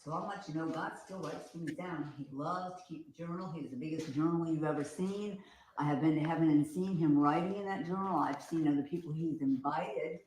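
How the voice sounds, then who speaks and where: A woman's voice: low voice, fairly quick, a little mellow. A woman preaching about visits to heaven in an assured, declaring way, filmed on a phone camera. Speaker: preacher claiming visions of heaven. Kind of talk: live-streamed religious talk. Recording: echoey room with faint noise.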